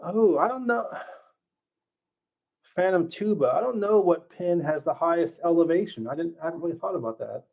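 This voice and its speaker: A man's voice: on the high side, normal speed, vocal fry. A middle-aged man answering viewer questions on a casual livestream, thinking aloud with fillers and restarts. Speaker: livestream host. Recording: slightly dull lo-fi stream audio.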